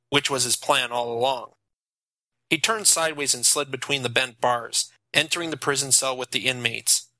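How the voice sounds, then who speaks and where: Bright-voiced male audiobook narrator. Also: medium pitch, no echo, poor audio. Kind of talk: scripted narration.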